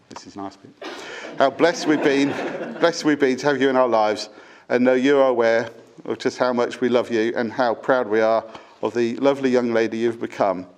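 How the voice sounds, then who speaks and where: A middle-aged man, father of the bride, reading his wedding speech from notes with fond, gently humorous delivery and small stumbles. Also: mid-range voice. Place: wedding reception.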